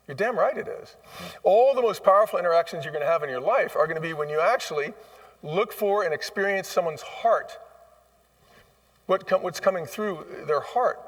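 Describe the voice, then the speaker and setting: This onstage interview guest, once CEO of a restaurant chain, has a voice on the high side and is recorded from a distance. At the conference he tells stories with emphasis, acting out snippets of conversation.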